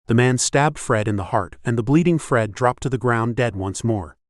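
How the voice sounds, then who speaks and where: A man reading an audiobook in scripted narration, steady and measured. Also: medium pitch, dry recording, clean studio sound.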